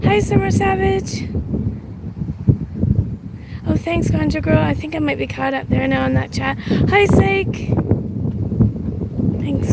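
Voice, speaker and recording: A woman with a fairly high voice chats to her live-stream audience, stopping and restarting as she goes. She is outdoors on a phone, and loud wind and street noise sit over her voice. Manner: rambling and halting, full of restarts. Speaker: livestreamer. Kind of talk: casual live-stream chat. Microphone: phone livestream, audio only.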